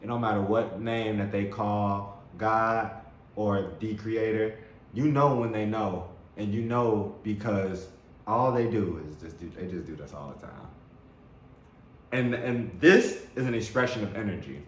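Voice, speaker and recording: Enthusiastic man, low voice, roomy echo. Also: measured pace. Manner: enthusiastic, repeats words, laughs often. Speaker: host. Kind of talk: motivational spiritual talk. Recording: roomy echo with faint background noise.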